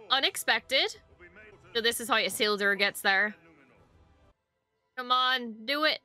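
A young woman hosting a reaction video, talking excitedly and swearing often as she reacts to a TV episode. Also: a little high, slow, long pauses, smooth, faint music behind.

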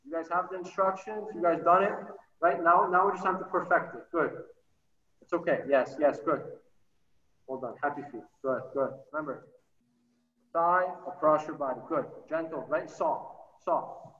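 High-voiced guy hyping up a soccer drill, roomy echo, kinda far off and muffled. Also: normal speed, long pauses. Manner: energetic, encouraging, short repeated cues. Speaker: youth soccer coach. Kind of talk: virtual training session coaching. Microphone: computer mic on a video call. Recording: roomy, distant, dull sound.

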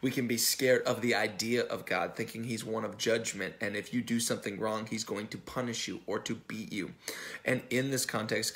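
A male pastor delivers a sermon in an informal way, correcting himself as he goes and acting out the lines of the story. His voice sits at an ordinary, middle pitch. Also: fairly bright tone. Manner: conversational preaching with restarts and self-corrections; acts out the dialogue from the story.

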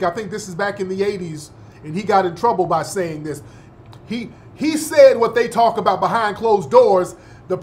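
Emphatic talk-show host, higher-pitched man. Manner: emphatic, repeats points and asks listeners "yeah?". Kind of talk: talk radio monologue.

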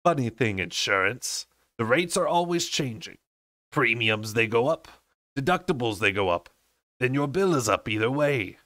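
A man voicing a fat, patronizing male creature moneylender with a deep, wide, oily drawl. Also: expressive, pushed and bright, no room sound. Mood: seething. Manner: patronizing, slow and drawn out.

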